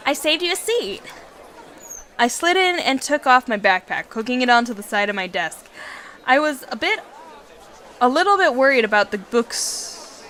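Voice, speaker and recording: A woman's voice: fairly high pitch, sharp tone, a little hiss or hum. Giggly young woman reading a game aloud. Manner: giggly, chatty asides. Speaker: let's play host. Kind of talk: reading a visual novel aloud with commentary.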